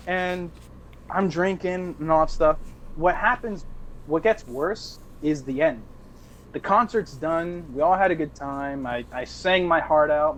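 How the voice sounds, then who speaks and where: High-voiced young man rambling a story. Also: slight background noise. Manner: rambling, laughing storyteller with profanity and restarts. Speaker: podcast co-host. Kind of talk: casual storytelling.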